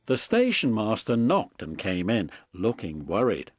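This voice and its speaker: A man narrating a children's storybook in a measured storytelling voice. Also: on the low side, very animated, husky, no room sound, soft background music.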